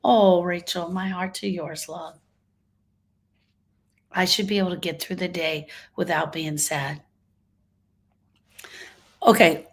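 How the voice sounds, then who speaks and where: Woman, grief coach, live talk, emphatic, rhetorical questions, answers her audience. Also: on the low side. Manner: reads out audience comments warmly. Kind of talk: motivational livestream talk.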